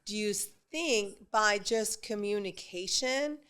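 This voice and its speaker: A woman's voice: medium pitch, slow, clear, resonant tone. A woman hosting a casual podcast conversation who affirms her guest often and asks reflective questions. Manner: warm affirming interjections. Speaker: podcast host.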